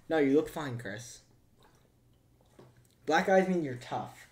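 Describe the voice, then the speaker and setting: Loud excitable young streamer guy. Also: on the high side, slow. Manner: loud, excitable, swearing, thanking chat. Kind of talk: casual live-stream chat.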